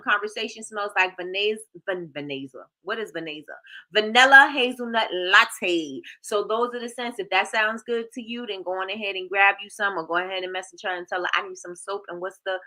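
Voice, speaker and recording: Chatty bright-voiced woman livestream host. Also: medium pitch. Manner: chatty, reads viewer comments aloud, lively. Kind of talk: casual livestream chat.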